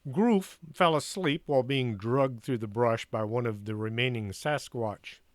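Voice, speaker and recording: Male storyteller, animated, expressive read-aloud; dry, close mic. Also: medium pitch, measured pace, dry recording.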